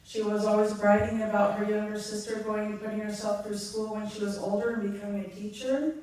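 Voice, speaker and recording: Middle-aged woman giving a eulogy, lots of ums, halting, echoey hall from far off. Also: mid-range voice, level tone, a little mellow. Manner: halting and heartfelt, with frequent ums. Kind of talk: funeral eulogy.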